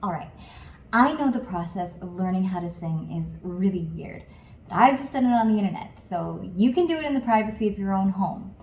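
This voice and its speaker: A woman singing teacher coaching beginners step by step in a calm, encouraging way. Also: medium pitch, a little fast, roomy sound, slight background noise, rough recording. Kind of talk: guided vocal lesson.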